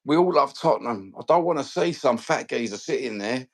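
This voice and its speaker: A man's voice: mid-range voice, fairly quick, no echo. Sweary Cockney man ranting casually. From London. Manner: animated, swearing, rambling slang-filled rant. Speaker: fan channel host. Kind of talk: casual live-stream chat.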